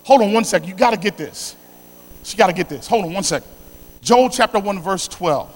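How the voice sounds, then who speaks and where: A man with a South Philadelphia accent preaching a sermon with call-and-response, building to shouted, sing-song passages. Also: high-pitched, lively intonation, moderate pace, long reverb tail.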